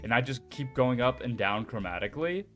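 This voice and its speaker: A young man chats casually and excitably as a streamer, with a mid-range pitch. He swears freely and talks in bursts. Faint music plays behind him. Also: fairly quick. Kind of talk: casual chat.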